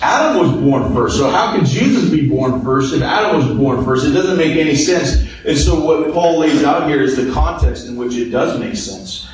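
A man preaching a sermon in a casual, storytelling way, explaining scripture. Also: on the high side. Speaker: pastor. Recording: echoey room from far off, faint noise.

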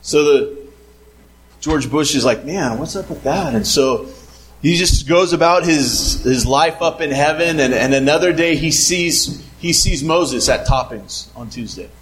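Man telling jokes to a crowd, slightly high-pitched, halting delivery with repeats. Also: a bit bright, a little hiss or hum, low-quality recording. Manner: halting, repeats words, plays up punchlines. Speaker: speaker telling jokes to a group. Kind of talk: casual joke-telling.

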